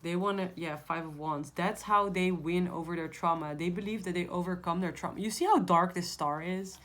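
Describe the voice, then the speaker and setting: A woman with a somewhat low voice talks straight to her viewers as she reads tarot cards. She is blunt and emphatic and swears freely in a casual tone. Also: fairly even intonation, moderate pace, fairly bright tone. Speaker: tarot reader. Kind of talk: casual tarot reading to camera.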